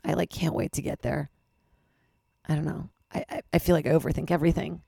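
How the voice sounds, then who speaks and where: A woman hosting her own podcast, talking frankly and rambling, swearing and poking fun at herself, with a hoarse voice from losing it. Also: low voice, fairly even intonation, fairly quick, dark tone, no room sound, studio quality. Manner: frank, rambling, swears freely, self-deprecating. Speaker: podcast host. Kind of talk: candid solo podcast monologue.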